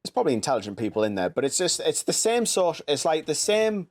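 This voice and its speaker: A man's voice: on the high side, fast talker. Chatty man, swearing freely. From England. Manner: animated, swears a lot, slips into mock accents. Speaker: streamer host. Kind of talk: casual chat.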